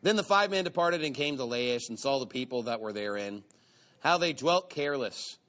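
A male preacher giving a sermon, mocking and sarcastic, swinging between loud outbursts and low asides. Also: animated, normal speed, a little hiss or hum.

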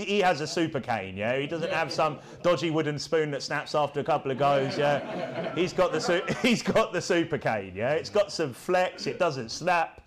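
A man preaching a sermon in a fairly high voice that swings widely up and down. His delivery is punchy and rhetorical, and he keeps tossing tag questions at the congregation to check they follow.

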